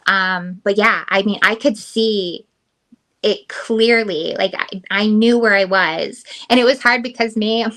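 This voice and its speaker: In a bright, ringing, medium-pitched voice, a middle-aged woman co-hosting a casual podcast tells a personal story at a measured pace. She talks candidly and emotionally, circling back with fillers and restarts as she searches for words.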